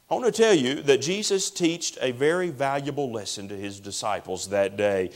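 A man's voice: medium pitch, animated. Earnest preacher, man. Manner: earnest preaching, drawn-out emphasis, addresses listeners as friend. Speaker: pastor. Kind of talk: sermon.

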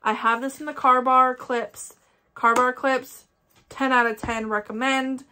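With a high, bright, pushed voice and little pitch movement, a young Ohio-accented woman reviews scented wax melts in an unhurried, casual chat. She's an enthusiastic candle-collector vlogger.

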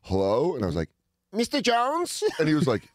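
Brief: male podcast guest, low voice, wide swings in pitch, dry studio sound, rowdy storyteller. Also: racing, no echo. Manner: animated storyteller, swings into loud high-pitched impressions; profane, laughs through his stories. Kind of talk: casual podcast chat.

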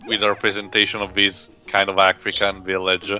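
A young man with a bright, forceful tone asking earnest questions while friends play a game. He halts and repeats words as he works out his point. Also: sits low, monotone, faint music behind, poor audio. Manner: earnest, questioning, slightly halting. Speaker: co-commentator. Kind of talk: casual let's-play commentary.

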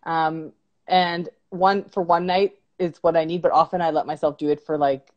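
A woman life coach with a low, steady voice talks candidly and reflectively about feelings during a casual video-call livestream interview, working through her thoughts with many "like"s. She speaks at a normal speed, and the sound is lo-fi.

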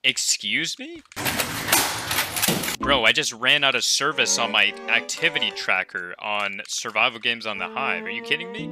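A man narrating his gameplay with loud, excitable energy. He jumps into shouting and laughing, and he makes playful beeping noises. His voice sits at an ordinary pitch for a man, with clear background music underneath. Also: moderate pace, few pauses. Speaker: gaming video creator.

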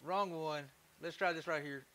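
Bright-voiced Texan man chatting on a livestream. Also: on the high side, steady tone, moderate pace. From Texas. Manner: laid-back, laughs often, swears casually. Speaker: livestream host, woodturner. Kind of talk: casual livestream chat.

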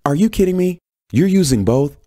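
A man voicing a frightened, upset young mother who pleads in a high, anxious voice. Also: lively intonation, measured pace, mellow, no room sound, studio quality. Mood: panicked.

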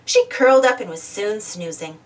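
A woman reading a children's storybook aloud in an expressive, animated way. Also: medium pitch, moderate pace, recorded from a distance, background noise.

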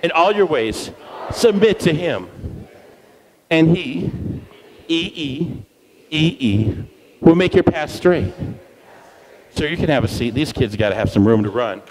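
Lively, high-voiced man leading a church crowd. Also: a little slow. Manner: energetic and playful, leading the crowd in repeated chants. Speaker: guest speaker at a church service. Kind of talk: interactive church talk with call and response. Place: church hall. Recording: long reverb of a church hall.

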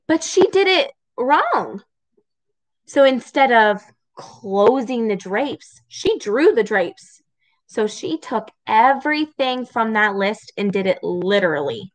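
Slow, lively-voiced woman reading to children. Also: fairly high pitch, no room sound, low-quality recording. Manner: slow, expressive and encouraging. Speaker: storybook reader for children. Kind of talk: reading a picture book aloud to children.

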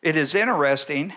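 Delivering a verse-by-verse sermon, a male pastor with a voice on the high side and a bit bright speaks deliberately. Frequent restarts and the odd throat-clearing mark his delivery.

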